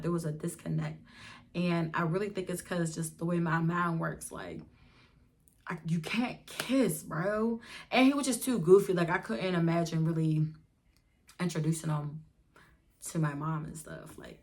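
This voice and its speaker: A young woman vlogger telling a storytime in a chatty, animated way, talking straight to her viewers. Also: lowish voice. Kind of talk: casual storytime.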